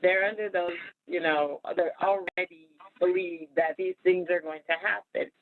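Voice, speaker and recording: A woman's voice: lowish voice, fairly even intonation, moderate pace, narrow, tinny audio. A woman in her forties hosting a podcast, talking in a candid, emphatic, casual way and laughing often. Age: 40s. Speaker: podcast host. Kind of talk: casual chat.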